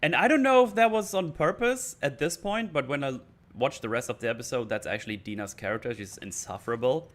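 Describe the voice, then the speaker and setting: A man's voice: medium pitch, brisk, fairly bright tone. A man streamer in a casual commentary rant, rambling through a recap of a TV episode and slipping into the characters' lines.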